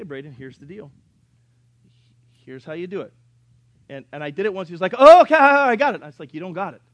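A high-pitched male pastor preaching a sermon, dropping to soft storytelling with jokes and then climbing to loud, driving exhortation. The sound is dry and close, with no room around it. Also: no room sound. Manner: folksy, joking asides.

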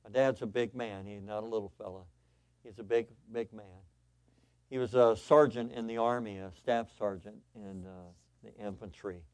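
A male pastor preaching a sermon, telling personal stories in an animated, excitable way with lots of repetition. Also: lowish voice, moderate pace, no room sound.

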